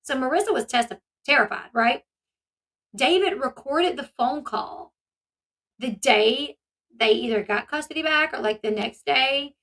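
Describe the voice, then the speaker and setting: A woman's voice: high voice, expressive, measured pace, vocal fry, fairly bright tone. A woman hosting a commentary channel, talking casually and animatedly, retelling events and acting out the people she quotes.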